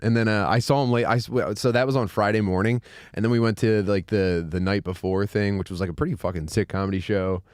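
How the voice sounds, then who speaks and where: Young male podcast host, low voice, dry close mic, animated storyteller who does voices. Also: fast talker, smooth, dry recording. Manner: animated storyteller, acts out other people's voices. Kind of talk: casual podcast chat.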